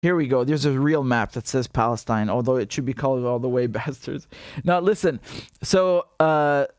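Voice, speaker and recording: A man's voice: mid-range voice, moderate pace, a little mellow, no echo, clean studio sound. Chatty man laughing over a map. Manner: chatty, laughs often, mixes Arabic and English. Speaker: show host. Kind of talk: casual livestream commentary.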